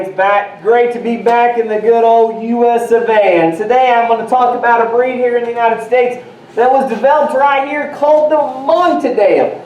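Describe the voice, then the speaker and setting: A man's voice: very high-pitched, muffled recording. A man playing a folksy, rambling presenter explaining a sheep breed. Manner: folksy, rambling, shuffling notes. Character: folksy male presenter back from travels. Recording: roomy, distant mic, faint noise.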